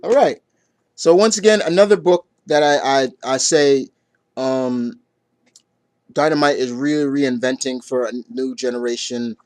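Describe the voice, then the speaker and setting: A man's voice: medium pitch, measured pace, no echo. A man giving a casual comic book review, rambling and stumbling through his retelling with lots of fillers.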